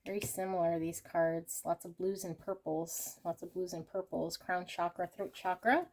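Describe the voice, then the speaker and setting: A woman's voice: lowish voice, fairly even intonation, moderate pace, darkish tone. Gushing woman reading tarot cards. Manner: gushing, exclamatory. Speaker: tarot reader. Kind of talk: pick-a-card tarot reading.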